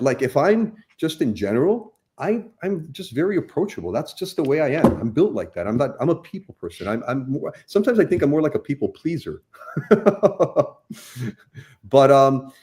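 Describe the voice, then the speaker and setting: A young man talking casually as an interview guest, animated and quick to repeat himself. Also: mid-range voice. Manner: animated, repeats words and restarts. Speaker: guest, real estate professional.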